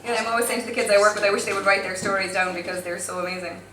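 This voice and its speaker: A woman performing spoken word as a guest poet, wry and chatty between pieces, slow and deliberate in her poems. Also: mid-range voice, flat delivery, roomy sound, recorded from a distance, noisy background. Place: pub performance room.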